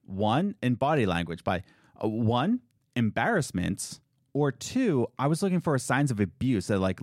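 A man tells a work story in a loose, chatty way, his pitch swinging widely as he acts out the people in it. He leans into sarcasm. The sound is dry and close, with no room around it. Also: unhurried, no echo. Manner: animated, sarcastic, quotes people in put-on voices. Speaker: restaurant worker telling a story. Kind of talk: casual storytelling chat.

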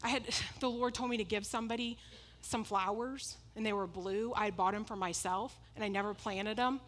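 A woman's voice: mid-range voice, fairly even intonation, brisk, a bit bright. A woman preaching a sermon, emphatic and repetitive, often breaking into laughs as she makes her points.

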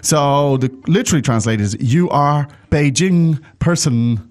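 A man hosting a language lesson, explaining points in a relaxed way with frequent fillers. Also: fairly high pitch, measured pace, soft background music. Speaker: language teacher and host.

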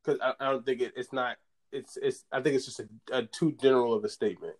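A man's voice: mid-range voice, fairly even intonation, fast talker, no echo. A man co-hosting a casual podcast chat, joking around and swearing freely. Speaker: podcast co-host.

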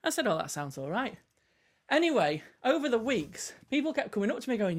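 A man's voice: extremely high pitch, big pitch swings. A man from north-west England, a Baptist minister, chatting as a podcast guest and telling anecdotes while acting out the lines of the people in them. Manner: rapid anecdotal storytelling, acts out quoted lines. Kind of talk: casual podcast chat, storytelling.

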